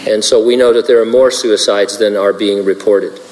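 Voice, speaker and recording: A man's voice: fairly low pitch, fairly even intonation, normal speed, a little mellow, a little hiss or hum. A male pastor giving a verse-by-verse sermon, earnest with dry asides. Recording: long hall reverb.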